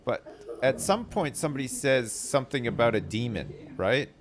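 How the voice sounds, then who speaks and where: A man's voice: mid-range voice, lively intonation, moderate pace, slight background noise. A man streaming a game, thinking aloud as he works through its clues. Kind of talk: gameplay commentary. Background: game music.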